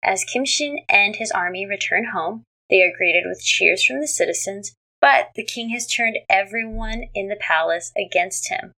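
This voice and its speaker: Bright-voiced woman reading recap notes. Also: medium pitch, moderate pace, few pauses, poor audio. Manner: reads recap notes aloud, frank, swears, reacts with short agreements. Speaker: podcast co-host recapping a drama. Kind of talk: casual chat.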